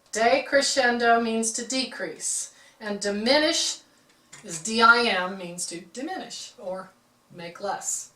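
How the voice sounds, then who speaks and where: A woman's voice: mid-range voice, a bit bright, far from the mic. A woman teaching a harp lesson, explaining music terms patiently and often checking in with "okay". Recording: roomy, from off-mic.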